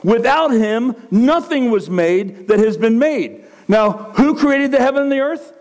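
A male preacher with a high, lively voice that swings widely in pitch. He talks to his congregation in a loose, conversational way, dropping in frequent asides to check they are following. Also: a little slow. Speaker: pastor. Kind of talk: sermon.

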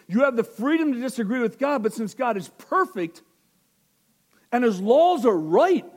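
Male pastor, high voice, casual sermon delivery with acted-out quotes. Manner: conversational preaching, acts out quotes.

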